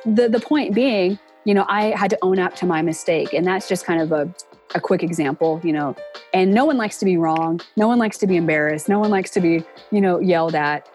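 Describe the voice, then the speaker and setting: A woman in her forties who works in entertainment production talks earnestly and reflectively as a guest in a casual interview, acting out quoted speech with lively jumps in pitch. She speaks briskly, and soft music plays in the background.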